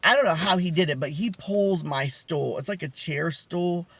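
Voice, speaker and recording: A man vlogging, telling a personal story casually with many fillers, restarts and dramatic pitch swings. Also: normal speed, vocal fry, a bit bright, slight background noise.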